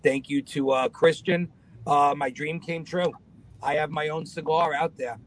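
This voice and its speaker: A man's voice: fairly high pitch, measured pace, poor audio. A man, a guest telling a long story in a casual way and acting out the voices of the people in it. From Long Island, New York. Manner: animated, acts out other people's voices in his anecdotes.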